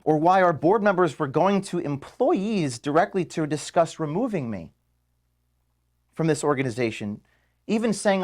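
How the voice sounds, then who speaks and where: A man in his thirties giving an emotional farewell speech to his staff in an office, halting and restarting as he speaks. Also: a little high, animated. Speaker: organization founder addressing staff. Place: office, indoors.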